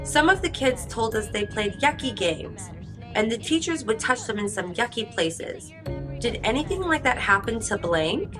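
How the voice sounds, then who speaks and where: A woman's voice: a little high, lively intonation, normal speed, music in the background, natural voice. A woman voicing a coaxing female interviewer who asks leading questions.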